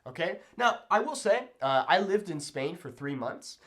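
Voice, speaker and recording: A man's voice: high voice, very animated, normal speed, fairly bright tone. A young man giving a chatty whiteboard lesson, upbeat and often checking in with "okay?". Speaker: Spanish teacher. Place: room with a whiteboard.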